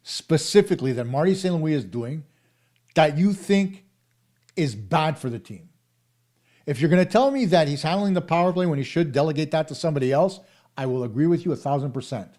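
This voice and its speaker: A man's voice: on the high side, mellow. A middle-aged man hosting a live hockey talk stream, arguing his points emphatically and speaking straight to viewers. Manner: emphatic, argumentative, addressing viewers directly. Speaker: hockey show host.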